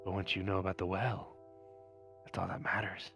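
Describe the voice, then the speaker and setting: A man's voice: deep voice, little pitch movement, moderate pace, creaky, fairly bright tone, husky, soft background music, voice pushed down, exaggerated voice. A man voicing a jittery, paranoid drunk hermit who whispers and mumbles fearfully. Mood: paranoid hushed.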